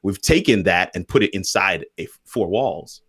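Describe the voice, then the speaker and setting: A man's voice: deep voice, animated, normal speed, a bit bright, breathy edge, no room sound, clean studio sound. Man giving a sermon-like point on a livestream. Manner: builds to a sermon-like point with repeated phrases. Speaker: panel guest sharing a faith message. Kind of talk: live-streamed panel talk.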